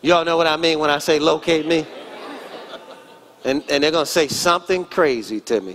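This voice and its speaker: A man's voice: fairly high pitch, normal speed, long pauses, fairly bright tone. A pastor in his forties preaching a sermon in church, emphatic and calling out to the congregation. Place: church sanctuary.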